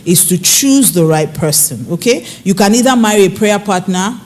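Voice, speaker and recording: A woman counselor giving a preaching-style talk on marriage, telling stories with lively swings in her voice. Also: normal speed. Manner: expressive storyteller, swings pitch and acts out quoted people. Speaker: infidelity recovery counselor speaking on marriage.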